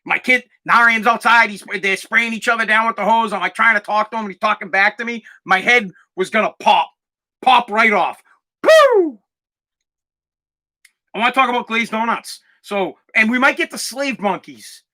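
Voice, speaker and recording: High, sharp-voiced angry man in his forties. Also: fairly quick. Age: 40s. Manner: aggravated, profane, bursts into shouting. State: dusty throat, clearing it and coughing. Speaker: podcast host. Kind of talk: angry ranting monologue.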